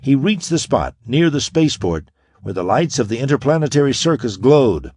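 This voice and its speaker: Male audiobook narrator, mid-range, animated inflection, dry booth sound. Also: mid-range voice, normal speed, breathy edge, no room sound. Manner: steady, dramatic storytelling. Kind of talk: scripted narration.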